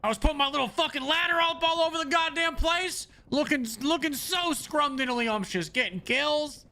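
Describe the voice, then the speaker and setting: High, bright-voiced ranting male streamer. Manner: fast, profane, ranting, stammering restarts. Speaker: game streamer. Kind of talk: profane live-stream rant.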